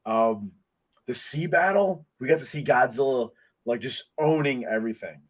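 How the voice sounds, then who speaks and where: A man hosting a casual podcast, talking in an excitable, rambling way full of restarts, into a desk mic. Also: medium pitch, moderate pace. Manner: excitable, rambling fan talk with many restarts. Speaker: podcast host. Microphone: desk microphone.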